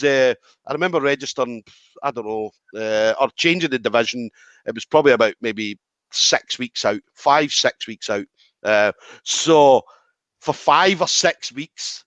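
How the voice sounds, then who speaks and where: This podcast host is a Scottish man with a medium-pitched voice, spinning a story in relaxed conversation and performing the quoted lines with lively energy and plenty of swearing. His audio has no echo but sounds dry and a little dull.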